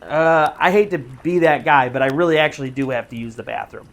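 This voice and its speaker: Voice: medium pitch, a little fast, pitched below the performer's own voice, natural voice. The storyteller quoting a young male missionary who urgently pleads to stop the truck. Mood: pleading.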